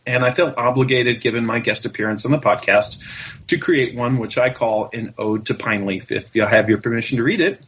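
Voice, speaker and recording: A man reads a humorous rhyming poem on a podcast. His delivery is steady and measured, broken now and then by small chuckles. A faint hiss sits behind his voice. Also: medium pitch. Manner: measured reading, occasional chuckles. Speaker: podcast guest.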